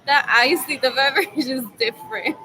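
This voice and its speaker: A woman, her voice sitting high, chats in a loose, rambling monologue. She giggles between thoughts and fills her sentences with "like." Steady background ambience hums loudly behind her. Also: moderate pace, background noise. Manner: rambling, giggly, heavy use of "like". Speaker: vlogger.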